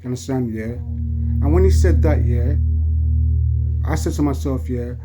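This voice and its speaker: A man's voice: mid-range voice, normal speed, music in the background. An emotional man, ranting in an impassioned monologue from his home and constantly asking if you understand. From England. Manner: agitated, keeps asking "you understand, yeah?".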